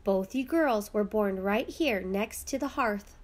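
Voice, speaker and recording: A woman voicing a gentle mother in a storybook, speaking softly and fondly. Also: mid-range voice, measured pace, lightly acted. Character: gentle Irish mother, a lace maker.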